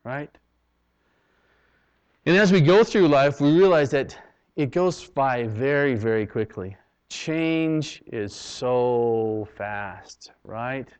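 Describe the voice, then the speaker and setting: Speaking slowly and expressively with a medium pitch and clean tone, a Canadian male pastor preaches, moving between loud, emphatic statements and hushed ones. It's captured on a dull lo-fi recording.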